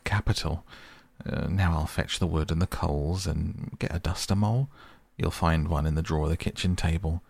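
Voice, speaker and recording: Man doing a hearty storybook water rat, brisk, bustling, deep gravelly voice. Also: expressive, darkish tone, no echo, exaggerated voice. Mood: cheerful.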